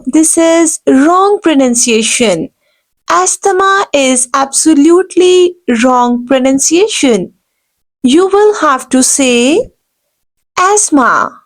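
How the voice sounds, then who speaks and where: High-pitched lady teacher going slow, keeps saying no that's wrong, repeats every word. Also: gravelly, poor audio. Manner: emphatic, corrects errors with repeated "no". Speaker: English pronunciation teacher. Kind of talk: slow instructional video lesson.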